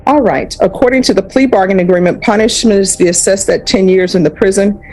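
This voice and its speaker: A woman judge running a court hearing, formal and measured, reading case numbers slowly. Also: medium pitch, darkish tone, faint music behind, poor audio. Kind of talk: courtroom proceedings.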